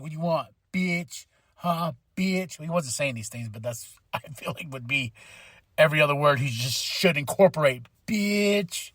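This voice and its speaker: Podcast host, male, high-pitched and chatty; irreverent, swears, acts out quotes. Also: a bit bright, no echo. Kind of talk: casual wrestling show recap.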